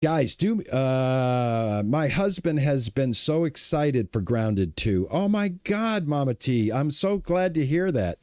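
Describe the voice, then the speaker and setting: A man's voice: medium pitch, very animated, slow pace, hardly any pauses, darkish tone, dry recording, clean studio sound. A middle-aged man streaming a game, chatting casually and greeting viewers by name, often restarting his words. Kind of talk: casual live-stream chat.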